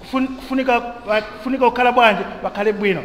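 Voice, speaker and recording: A man interpreting a sermon in quick bursts, often restarting as he searches for words. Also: very high voice, a bit bright, reverberant, in a large hall, low-quality recording.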